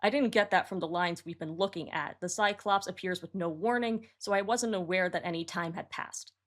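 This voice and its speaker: A woman with a lowish voice talks fairly quickly as she hosts her own channel. Speaking to camera, she rewrites song lyrics and offers analytical, no-nonsense explanatory commentary.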